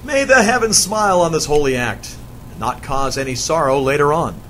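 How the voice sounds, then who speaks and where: A man's voice: on the high side, animated, moderate pace, fairly bright tone, a little hiss or hum, poor audio. A man reading the part of a cautious, solemn friar who gives advice. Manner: solemn, advising. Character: wise cautious male friar.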